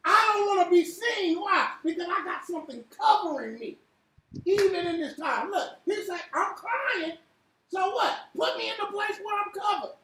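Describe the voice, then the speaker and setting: High-voiced woman preaching in an echoey hall. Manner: asks the room questions, repeats "what?", rises to shouts. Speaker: Bible teacher leading a church class. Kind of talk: interactive sermon with call and response. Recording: echoey room from far off, faint hiss.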